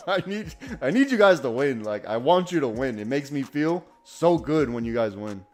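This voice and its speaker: A man hosting a live trading stream, talking casually and excitedly, often restarting his sentences. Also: mid-range voice, normal speed, faint music behind. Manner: enthusiastic, rambling, self-correcting. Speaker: day-trading livestream host.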